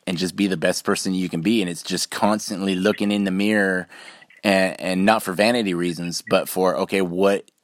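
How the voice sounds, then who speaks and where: A man's voice: low voice, fairly even intonation, moderate pace, dry recording. A man who is a guest on a casual interview, telling stories in an earnest, rambling way and acting out the people he quotes. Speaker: podcast guest, military veteran.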